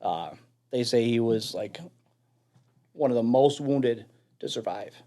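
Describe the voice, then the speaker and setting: Animated Chicago man telling a story. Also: mid-range voice, measured pace. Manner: animated storyteller, laughs often, swears casually. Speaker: guest firefighter and veteran. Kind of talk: casual storytelling.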